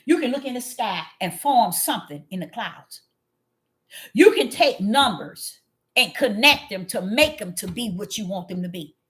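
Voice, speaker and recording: A woman giving an emphatic religious commentary to her viewers. She repeats phrases for emphasis and swings between loud exclamations and low, muttered asides. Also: expressive, normal speed. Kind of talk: preachy commentary monologue.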